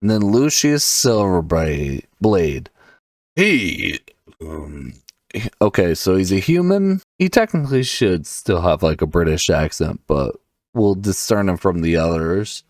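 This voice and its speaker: A man's voice: deep voice, big pitch swings, measured pace, no room sound, studio quality, far from the mic. A man hosting a podcast, casually thinking aloud while setting up a tabletop game. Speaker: podcast host and solo game player.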